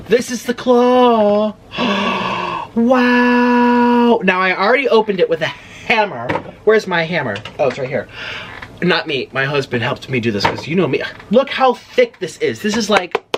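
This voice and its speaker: Young woman, eating show host, excitable, gasping, lively pitch, noisy home recording. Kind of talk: casual eating show vlog.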